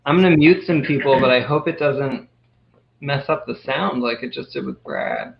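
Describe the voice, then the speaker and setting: A man hosting an online cabaret trivia game over a video call, upbeat and quick to apologize. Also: medium pitch, wildly swooping pitch, creaky. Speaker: host. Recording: dull lo-fi video call audio.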